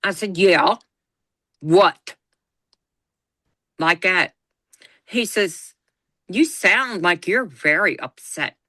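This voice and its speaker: A woman's voice: lowish voice, takes it slowly, dry recording. A middle-aged woman, telling a personal story on a podcast and acting out the quoted lines as she goes. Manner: animated retelling, acts out quoted dialogue. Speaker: podcast co-host.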